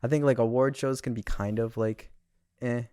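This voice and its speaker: A man's voice: mid-range voice, fairly even intonation, normal speed, dark tone, clean tone, no room sound, studio quality. A young man guesting on a podcast, telling stories in a rambling way full of "like" and "um". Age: young adult. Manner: rambling, filler-heavy storytelling. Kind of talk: casual chat.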